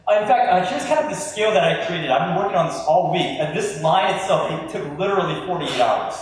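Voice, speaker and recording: A man giving a humorous talk to a live audience, animated and self-deprecating, joking with the crowd. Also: high voice, brisk, a little hiss or hum. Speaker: youth speaker. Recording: echoey hall from far off.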